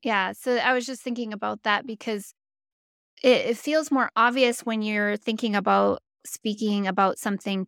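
A woman's voice: mid-range voice, gravelly, a bit bright, smooth, no room sound, clean studio sound. A woman hosting a podcast interview, asking questions in a thoughtful, conversational way. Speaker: podcast host.

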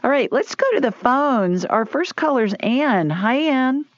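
A woman with a Southern US accent, hosting a call-in radio show, upbeat and chatty and quick to laugh. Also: high voice, expressive, dry recording. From Alabama. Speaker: radio show host and psychic medium. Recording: dull, lo-fi broadcast audio.

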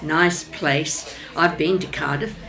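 A woman's voice: sits low, fairly even intonation, takes it slowly, bright, forceful tone, poor audio. A woman who narrates and chats with a stranger in a café, asking curious, friendly questions. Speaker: narrator and café conversation partner. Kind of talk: casual scripted dialogue with narration.

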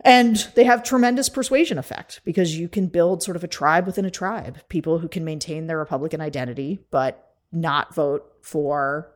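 A woman co-hosting a podcast, talking through a political campaign in a brisk, animated way with quick laughs. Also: fairly low pitch. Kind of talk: casual political chat.

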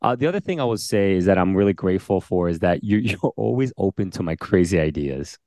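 Male pastor co-host, lower voice, earnest and halting, dry close mic. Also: animated, mellow, no echo. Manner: earnest, halting, many restarts. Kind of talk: casual chat.

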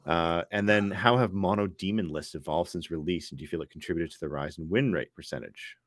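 A man's voice: deep voice, brisk, dry recording, studio quality. A man hosting a podcast in casual chat, steering the talk with plenty of "uh" and "um". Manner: steers the talk, filler-heavy. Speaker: podcast host.

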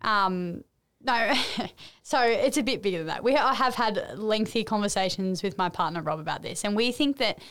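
An Australian woman talks as a guest on a podcast in a relaxed, playful way. She is quick with jokes and laughs often, and her voice sits at an ordinary middle pitch. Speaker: podcast guest, pet expert. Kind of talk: casual chat.

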